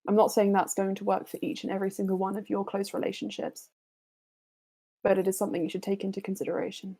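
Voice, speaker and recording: A woman running a tabletop game, voicing a character who gives measured, cautionary advice in her own gravelly voice. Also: mid-range voice, level tone, mellow. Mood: earnest. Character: earnest character giving grave counsel.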